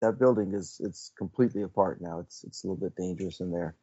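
A man's voice: low-pitched, fast, dark tone, slightly rough, highs cut off. A man playing a character in a tabletop role-playing game, stammering and restarting his words. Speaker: player. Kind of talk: casual tabletop play.

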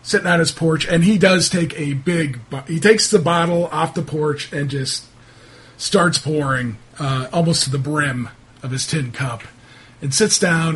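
A man's voice: a little high, husky. A man narrating as game master of a tabletop role-playing game, hesitant with many fillers.

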